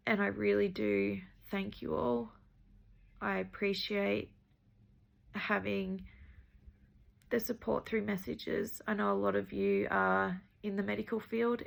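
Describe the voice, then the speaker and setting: An Australian woman talking earnestly in a personal video diary, halting and repeating herself as she goes. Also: mid-range voice, creaky. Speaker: vlogger sharing her medical journey.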